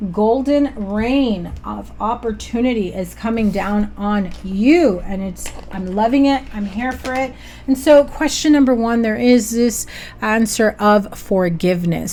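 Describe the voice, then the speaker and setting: A woman's voice: medium pitch, dark tone. A woman giving a casual tarot reading to viewers, chatty and upbeat, often checking in with "okay?". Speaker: tarot reader.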